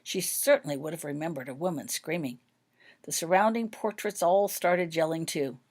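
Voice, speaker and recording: Low-voiced woman reading a story. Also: normal speed, darkish tone. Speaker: author reading her own fan fiction. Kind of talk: storybook narration.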